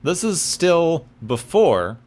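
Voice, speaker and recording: A man's voice: on the high side, sing-song, slow, a little mellow. A man co-hosting a podcast in casual chat, with wry, dry humor. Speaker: podcast co-host.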